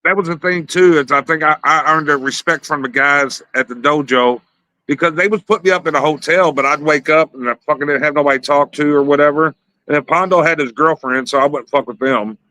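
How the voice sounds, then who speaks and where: A man's voice: fairly high pitch, brisk, bright, forceful tone, no echo, poor audio. A man telling rambling, profane stories in a casual interview, laughing along as he goes. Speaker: wrestler, interview guest.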